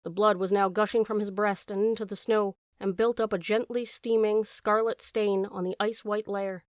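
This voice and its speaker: A woman narrating an audiobook in a measured, expressive reading voice. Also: mid-range voice, no room sound, studio quality. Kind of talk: scripted narration.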